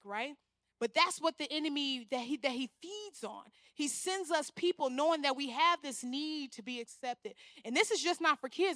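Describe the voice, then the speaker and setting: Young woman, preaching, animated, acts out voices, bright high voice, dry close sound. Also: no room sound. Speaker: guest speaker. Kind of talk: sermon.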